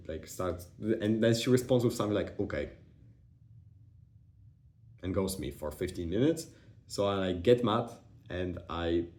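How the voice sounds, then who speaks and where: Low-voiced young man in a roomy echo. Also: a little mellow. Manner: rambling, profane, with many fillers and restarts. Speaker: vlogger. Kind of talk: casual storytelling monologue.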